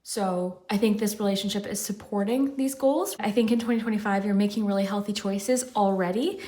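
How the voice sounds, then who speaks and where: A woman's voice: medium pitch, brisk, mellow. A woman giving a casual pick-a-card tarot reading, out of breath and rambling with lots of fillers. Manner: chatty, rambling, many "like" fillers. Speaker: tarot reader.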